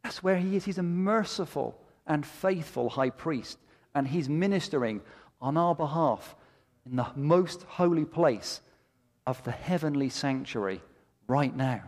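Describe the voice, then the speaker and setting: A man's voice: on the high side, lively intonation, unhurried, a little mellow. A middle-aged male pastor preaching a sermon with impassioned, emphatic delivery and repeated phrases that build to peaks. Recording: long hall reverb.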